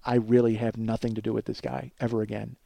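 A man's voice: fairly low pitch, little pitch movement, quick pace, gravelly, heavy background noise. A man in his forties telling a long personal story in a casual, profane way, often laughing as he talks. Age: 40s. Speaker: podcast storyteller.

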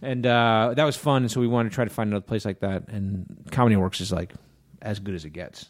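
A man's voice: fairly low pitch, steady tone, brisk. Easygoing comedian guest, man. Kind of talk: casual chat.

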